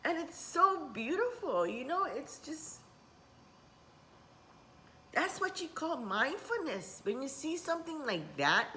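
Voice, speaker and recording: A woman's voice: high voice, sing-song, slow, pauses often, a little hiss or hum. A middle-aged woman who teaches spiritual workshops, rambling in a casual vlog and dropping in Japanese words. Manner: rambling, warm-hearted, mixes in Japanese words.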